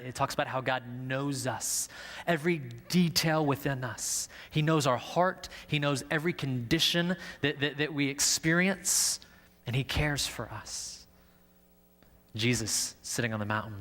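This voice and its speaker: A man's voice: mid-range voice, pushed and bright. A male pastor preaching a sermon in an earnest way, often stumbling and repeating words as he explains. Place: church sanctuary. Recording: long church-hall reverb.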